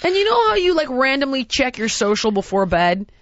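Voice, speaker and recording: A woman hosting a casual chat, telling a story in an animated, exasperated way and acting out what people said. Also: high voice, a little fast, highs cut off, a crowd in the background. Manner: animated, exasperated, acts out quotes. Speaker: podcast host.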